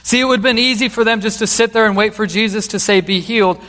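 A man with a high voice preaches an earnest sermon and retells a scene as a story. His voice trails off into a long hall reverb. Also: steady tone, fast, sharp tone. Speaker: pastor.

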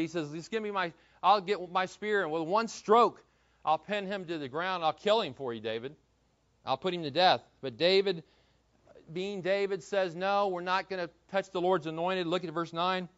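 A man's voice: a little high, fairly bright tone, muffled recording. A man preaching an expository Bible sermon in a conversational way, asking the congregation questions as he retells the story. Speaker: pastor.

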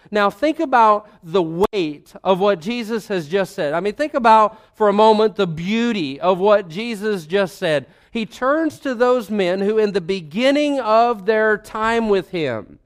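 A man preaching a sermon, emphatic, swinging between loud declarations and hushed, intimate passages. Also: high voice. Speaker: pastor.

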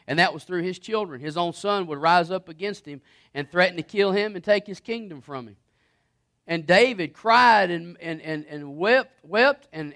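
High-pitched guy preaching, quoting bible verses, lots of "and, and, and" restarts. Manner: animated, repeats words and restarts, quotes scripture. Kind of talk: sermon.

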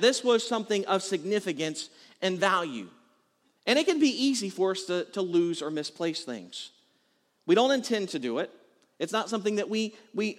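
A man's voice: high voice, long reverb tail. A man preaching a sermon as a pastor, talking casually and joking as he tells stories to his congregation. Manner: conversational, joking, animated storytelling.

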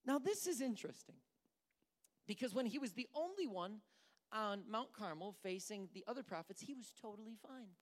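Animated, conversational preacher. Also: mid-range voice, normal speed. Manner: animated, conversational, acts out characters. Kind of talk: sermon.

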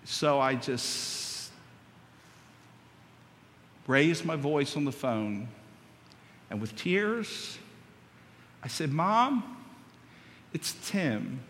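A man's voice: medium pitch, big pitch swings, drawn-out words, long pauses, fairly bright tone, slight background noise. A male pastor preaching a sermon, telling a story and acting out the dialogue before building to emphatic preaching. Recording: long hall reverb.

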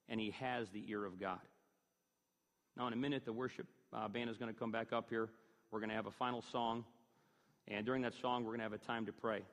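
Male pastor, mid-pitched, emphatic sermon delivery, long hall reverb. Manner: emphatic preaching, rising on key phrases.

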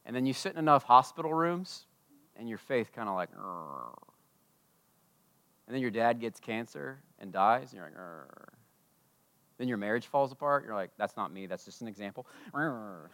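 A man preaching a sermon at a church service, impassioned, swinging between loud declarations and hushed asides. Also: medium pitch, fast. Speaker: pastor.

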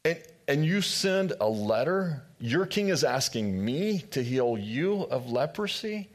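A man's voice: medium pitch, expressive, normal speed, breathy edge. A man doing an outraged ancient king. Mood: indignant. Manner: incredulous, rhetorical questions. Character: indignant ancient king, suspicious military man.

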